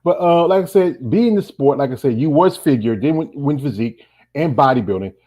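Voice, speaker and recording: Quick, talkative male interviewer, rambling and full of anecdotes. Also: mid-range voice, lively intonation, mellow. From North Carolina, USA. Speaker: interview host. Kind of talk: casual interview chat.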